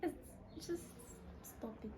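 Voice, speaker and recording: A South African woman co-hosting a couple's vlog, protesting and squealing in animated casual chat. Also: takes it slowly, noisy background. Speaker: co-host of a couple channel.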